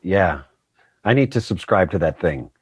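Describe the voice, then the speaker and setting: A man in his fifties, a guest actor in casual chat, telling stories in an animated way. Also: deep voice, unhurried, slightly rough, no room sound. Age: 50s.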